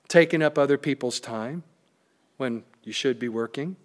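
A pastor preaching a sermon, emphatic and plain-spoken, with joking asides. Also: male voice, medium pitch, normal speed.

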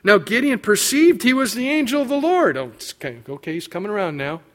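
A man delivering a sermon in a fairly high voice for a man. He moves between a quiet, low teaching tone and excited, pitched-up retellings of biblical characters. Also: fairly quick. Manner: animated, acts out biblical quotes with rising pitch and emphasis. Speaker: pastor.

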